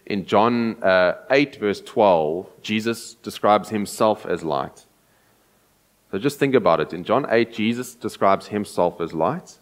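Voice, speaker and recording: A man preaching a sermon in a fairly low voice. He talks earnestly and repeats his key phrases to drive each point home.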